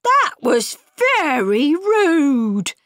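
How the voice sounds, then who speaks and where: A woman voicing an offended talking plum pudding with an indignant, squeaky manner. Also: big pitch swings, drawn-out words, a bit bright, dry recording, clean studio sound, exaggerated voice.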